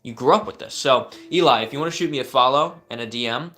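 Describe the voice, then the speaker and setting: A man's voice: medium pitch, fast talker, pushed and bright. A young man hosting a live stream, answering viewer questions with earnest coaching advice and frequent fillers and restarts.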